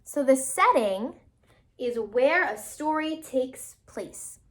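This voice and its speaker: A woman's voice: sits high, animated, takes it slowly, a bit bright. A woman teacher reading a storybook aloud to her class, telling it dramatically and stopping often to ask the children questions.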